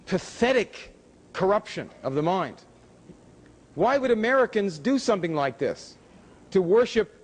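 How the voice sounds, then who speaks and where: A man giving a public lecture with slides, emphatic, with pitch rising on key words. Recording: hall reverb from a lecture room.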